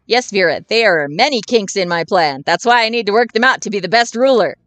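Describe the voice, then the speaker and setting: A woman's voice: mid-range voice, expressive, brisk, a bit bright, no echo, soft background music, natural voice. A woman voicing a dim, sweet jock monster boy who talks in an earnest, rambling, bro-ish way, in a dry recording.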